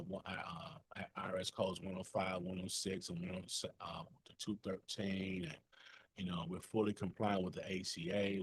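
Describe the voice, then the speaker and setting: A man leading a sales training session on a call, coaching in a conversational way with lots of fillers and check-ins. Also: low-pitched.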